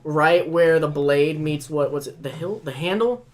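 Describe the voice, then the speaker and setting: A man hosting a casual anime podcast, joking with deadpan asides. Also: a little high, unhurried. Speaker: podcast host. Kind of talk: casual chat.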